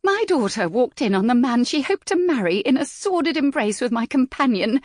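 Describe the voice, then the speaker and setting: A woman voicing a hysterical, shrill middle-aged noblewoman in a period audiobook, her delivery wailing and indignant. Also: sing-song, moderate pace, breathy edge, no room sound, studio quality. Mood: hysterical outrage.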